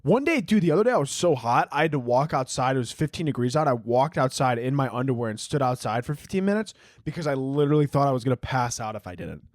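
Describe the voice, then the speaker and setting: Late at night in a room at home, a young man hosts a solo podcast, rambling, swearing a lot and riffing goofily. His medium-pitched voice has lively intonation, and he talks quickly with hardly any pauses. The recording is dry and studio quality.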